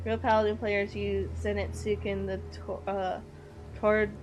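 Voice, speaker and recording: A woman's voice: medium pitch, flat delivery, a little slow, over music. A young woman streaming a video game, chatting casually and reading in-game text aloud, often correcting herself and laughing.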